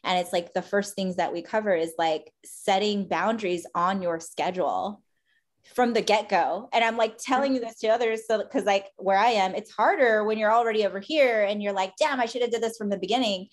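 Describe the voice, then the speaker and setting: A woman's voice: mid-range voice, brisk. Rambling, agreeable woman coach. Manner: warm, agreeable, rambling with many likes. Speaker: podcast host and coach. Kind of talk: casual chat.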